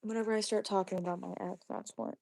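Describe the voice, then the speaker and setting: A woman hosts a casual livestream on her phone, held away from her face, reading the chat and arguing back at viewers while cursing constantly. She is profane and confrontational, talking fast at a medium pitch in a steady, warm tone with vocal fry.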